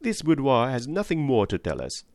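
A man reading an audiobook, voicing a calm, precise elderly male Belgian detective with a put-on French-tinged accent. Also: mid-range voice, moderate pace, dry recording, voice pushed up. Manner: precise, placid, calmly probing.

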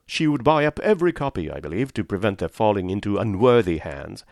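A man reading a reserved young gentleman with mild, gently teasing speech. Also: fairly low pitch, very animated, brisk, gravelly, no echo, studio quality. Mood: wry.

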